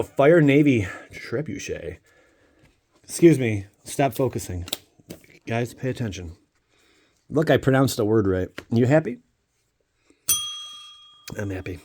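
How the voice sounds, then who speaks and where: A playful man hosts a casual vlog while opening card packs, chatting directly to his viewers. His pitch swings widely from line to line and he keeps the tone loose and jokey. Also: darkish tone. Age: adult father of a young child.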